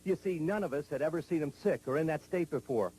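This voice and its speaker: A man narrating a television news report in a measured, grave, scripted delivery. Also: a little high, lively intonation, darkish tone, a little hiss or hum, poor audio.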